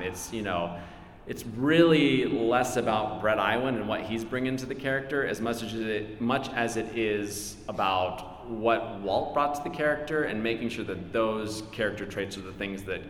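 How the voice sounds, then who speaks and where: A middle-aged man speaks at an ordinary pitch, chatting loosely and joking at his own expense. He answers questions at a live convention panel. His voice rings through an echoey hall with a long tail, over faint crowd ambience. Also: normal speed, a bit bright, slight background noise. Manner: chatty, self-deprecating, laughs often. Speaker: voice actor, panel guest.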